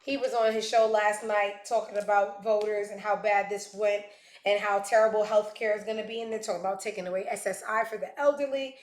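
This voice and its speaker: In an echoey room, a female show host delivers casual commentary, sarcastic and blunt and heavy on the swearing. She speaks fairly quickly in a mid-range voice with fairly even intonation.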